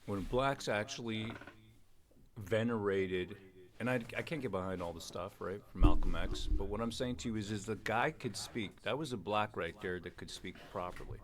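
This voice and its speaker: A man's voice: on the low side, moderate pace. A middle-aged man hosting a livestream, talking in a rambling, emphatic way full of restarts. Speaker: streamer and host. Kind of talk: casual political chat on a livestream.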